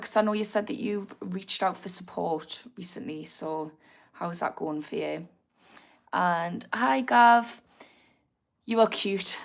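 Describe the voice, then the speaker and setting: A woman's voice: lowish voice, gravelly. A woman from the north of England with a broad Geordie accent, talking straight to her viewers in a casual livestream. She is chatty and encouraging, laughs easily, swears now and then, and keeps the talk loose and friendly. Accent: Newcastle (Geordie). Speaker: addiction therapist hosting a livestream. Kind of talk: casual livestream chat, reading out viewer comments.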